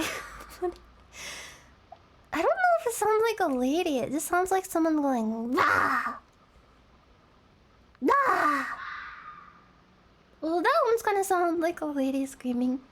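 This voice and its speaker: A woman's voice: high voice, sing-song, normal speed. A young woman streamer chatting casually as she reacts to videos, giggling and playfully imitating animal screams. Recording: noisy stream audio.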